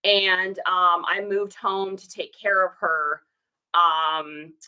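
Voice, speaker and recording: A woman's voice: lowish voice, little pitch movement, slow, sharp tone, clear, resonant tone, dull audio. A woman in her forties from Washington State, with a stuffy nose from a cold, chatting casually and rambling as she works through reseller orders. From Washington State, USA. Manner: rambling and chatty, full of "like" and "situation". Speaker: reseller vlogger. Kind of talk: casual vlog chat.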